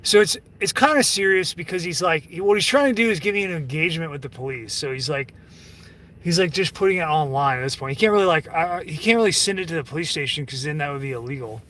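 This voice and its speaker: A man's voice: fairly high pitch, lively intonation, quick pace, a bit bright, far from the mic. A man talking to his chat on a livestream, rambling and profane, full of fillers and restarts. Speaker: livestream host reading chat. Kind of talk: casual livestream rant.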